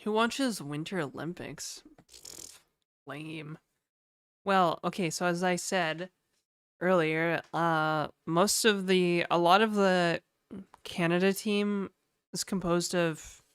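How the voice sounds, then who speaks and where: Slow-talking, laid-back woman streamer. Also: fairly low pitch, smooth, dry recording, studio quality. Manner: laid-back, slangy, sighing and chatting to viewers. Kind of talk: casual live-stream chat.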